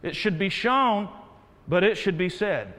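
A man preaching a sermon to a congregation, rising to loud exhortation. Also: high voice, very animated, a little slow. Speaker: pastor. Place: large church sanctuary. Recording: reverberant church hall.

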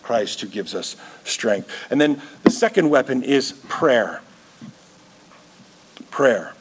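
A man's voice: medium pitch, animated, slow pace, slight background noise. A male pastor preaching a sermon in a church, earnest and repeating words as he builds his points.

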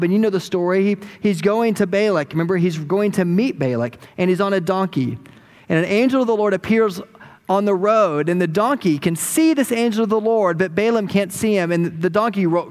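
A man preaches, his voice sitting fairly high as he retells a story with animated energy. His words ring out with a long, trailing reverb from a large hall. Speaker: pastor. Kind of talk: sermon.

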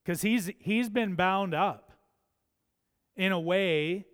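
A man preaching a sermon, emphatic and building to forceful peaks. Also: sits high, takes it slowly, clean tone. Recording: long church hall reverb.

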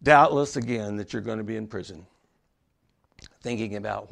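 A man's voice: on the low side, normal speed, creaky, pauses often, a bit bright. A man preaching a sermon as a pastor, emphatic and conversational, with asides to the congregation in church.

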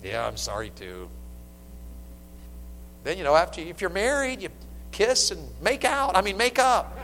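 Animated preaching man in a reverberant hall. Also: sits high, normal speed. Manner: animated preaching, swings from loud to hushed. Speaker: pastor. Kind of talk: sermon. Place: church sanctuary. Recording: long hall reverb, faint hum.

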